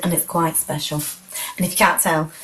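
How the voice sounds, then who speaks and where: A woman's voice: low-pitched, flat delivery, moderate pace, a bit bright, rough recording. A woman, emotional and close to tears, talking earnestly and reflectively as a guest in a heartfelt conversation.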